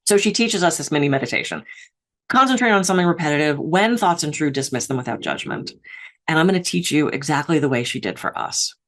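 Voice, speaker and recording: A middle-aged woman giving a lively storytelling talk as a stress coach, acting out her own inner dialogue with big swings of her voice. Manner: animated, acts out her inner dialogue with big pitch jumps. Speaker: keynote speaker and stress coach.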